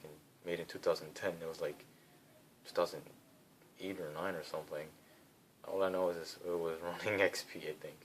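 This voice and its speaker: Low-voiced young man rambling casually. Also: a little hiss or hum. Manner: rambling, filler-heavy storytelling. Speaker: vlogger. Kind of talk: casual chat. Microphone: phone.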